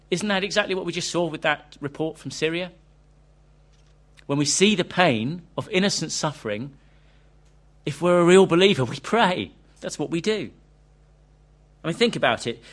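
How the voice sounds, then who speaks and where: A man's voice: fairly high pitch, fairly bright tone. A man preaching a sermon, earnest and questioning, reading a quoted interview aloud to his congregation.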